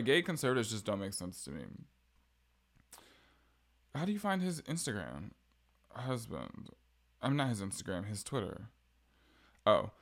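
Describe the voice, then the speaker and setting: A young man hosting a casual solo podcast, chatty and gossipy with sarcastic jabs. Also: mid-range voice. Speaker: podcast host.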